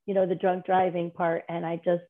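A woman's voice: lowish voice, flat delivery. Woman on a tinny phone-like line. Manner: candid, rambling, quick restarts. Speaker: podcast guest. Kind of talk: casual conversation, telling personal stories.

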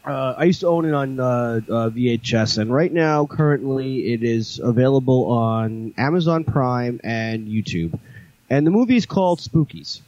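A man's voice: mid-range voice, normal speed, a little mellow, no echo, dull audio. A man co-hosting a casual podcast, telling a long story with many fillers and restarts. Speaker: podcast co-host. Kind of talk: casual chat.

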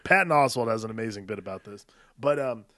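Male podcast co-host, bright dry voice, loose rambling delivery with frequent laughs. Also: lowish voice, fast talker, dry recording. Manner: rambling, laughs often, mimics actors. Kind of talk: casual movie chat.

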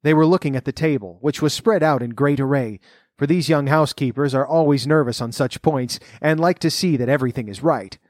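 A man narrating a storybook, reading in an expressive, lively way. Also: mid-range voice, fairly quick, dry recording, studio quality.

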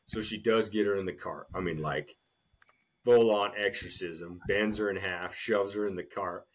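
A man co-hosting a casual podcast, telling a long shopping story in an animated way and often calling his friend "dude.". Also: normal speed. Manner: animated storyteller, swings loud and high acting out scenes, says "dude" a lot. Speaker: podcast co-host.

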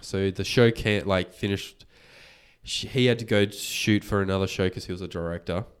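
A man, hosting a podcast and retelling a story in casual chat, animated and swearing freely. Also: deep voice, normal speed, clear, resonant tone. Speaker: podcast host.

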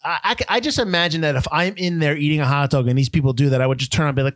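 Sarcastic man with a lively voice. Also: fairly high pitch, very fast, few pauses, no echo. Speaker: podcast co-host. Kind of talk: casual movie podcast chat.

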